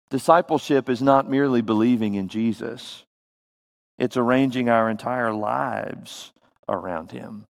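Southern preacher in a reverberant hall. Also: male voice, mid-range voice, creaky. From Tennessee. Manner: folksy, animated storytelling. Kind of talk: sermon.

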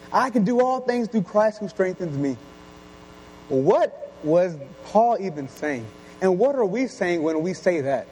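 Young man, sermon, earnest, rhetorical questions, high voice, faint hum. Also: mellow, low-quality recording.

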